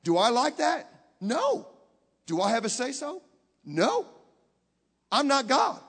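A man with a high voice preaches with dramatic swings between hushed moments and loud outbursts. He keeps putting questions to the audience as he tells his story. His voice rings out with a long reverb, as in a large hall. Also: huge pitch swings, slow pace, slightly rough. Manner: talks directly to the audience with questions. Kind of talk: sermon.

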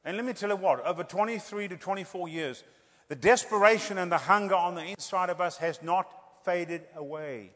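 A middle-aged man preaching a lively revival sermon, jumping between loud declarations and quiet joking asides. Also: high-pitched, a little fast. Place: large church hall. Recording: church hall with long reverb.

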